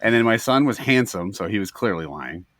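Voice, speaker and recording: Middle-aged male podcast host, storyteller, pitch swings a lot, dry close sound. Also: animated, a little fast, fairly bright tone, no echo. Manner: rambling, jokey storytelling with laughs. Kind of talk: casual comedic chat.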